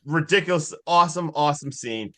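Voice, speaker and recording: Excitable man recapping a horror movie. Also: a little high. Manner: excitable, swears, recaps in quick bursts with laughs. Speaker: podcast co-host. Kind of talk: casual movie recap chat.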